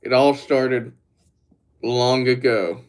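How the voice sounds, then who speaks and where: A man's voice: mid-range voice, fairly even intonation, slow. A young man livestreaming, rambling and joking as he talks straight to his chat. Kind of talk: casual livestream chat with viewers.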